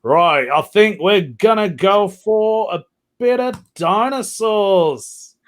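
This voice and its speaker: A man's voice: high voice, animated, takes it slowly. A man hosting an online pun contest over a video call, laid-back and laughing between turns. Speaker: host.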